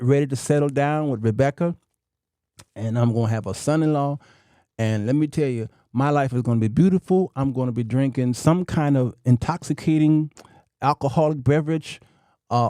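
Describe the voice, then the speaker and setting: This is a clear, resonant, warm mid-range voice belonging to a U.S. show host in his fifties. He gives a casual, repetitive monologue with a folksy, preachy flavor, in studio quality with no room sound.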